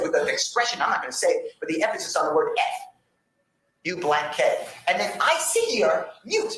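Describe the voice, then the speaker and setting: A man's voice: sits high, very animated, a little fast, a bit bright, reverberant, slight background noise, poor audio. A man arguing as defense attorney before a judge, impassioned and insistent, pleading his point in a courtroom. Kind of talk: courtroom argument.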